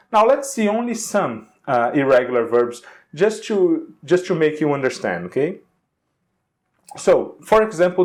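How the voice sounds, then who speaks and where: A man with a Brazilian Portuguese accent teaching an English grammar lesson, explaining slowly and carefully, spelling out examples and checking in with "okay?". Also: on the high side, a little mellow. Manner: slow and deliberate, stressing example words, frequent "okay?". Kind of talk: recorded video grammar lesson.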